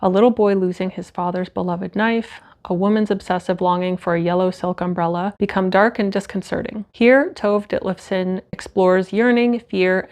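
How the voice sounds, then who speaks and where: Chatty woman book vlogger. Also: mid-range voice. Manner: chatty, fillers like "like" and "uh". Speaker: booktuber. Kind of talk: casual book haul chat with read-aloud blurbs. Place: home.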